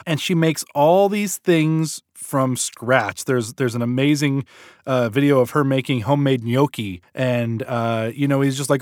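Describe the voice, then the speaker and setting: A man co-hosting a casual podcast chat, animated and eager, slipping into playful voices when retelling videos. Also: mid-range voice, measured pace, no echo, clean studio sound. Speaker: podcast co-host.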